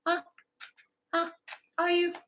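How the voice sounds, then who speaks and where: A woman, doing a casual livestream tarot reading and talking straight to her viewers in a chatty, animated way. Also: very high-pitched, takes it slowly, slight background noise. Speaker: tarot reader.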